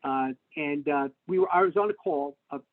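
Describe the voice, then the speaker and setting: A middle-aged man telling stories in an interview, animated and full of fillers and restarts, speaking over a video call. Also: fairly high pitch, moderate pace. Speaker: tax lawyer, interview guest. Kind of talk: conversational interview answers. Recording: tinny phone-like webinar audio.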